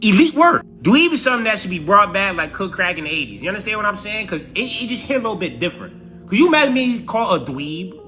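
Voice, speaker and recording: A man's voice: sits high, quick pace, soft background music. A man with a New York accent giving a brash, profane mock vocabulary lesson. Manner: brash, profane, animated delivery. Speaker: comedic vocabulary teacher.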